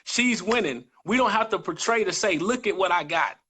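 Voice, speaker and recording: A man's voice: high voice, animated, moderate pace, sharp tone, husky. A man co-hosting a live-streamed motivational chat, speaking earnestly and repeating his key phrases for emphasis. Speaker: guest co-host.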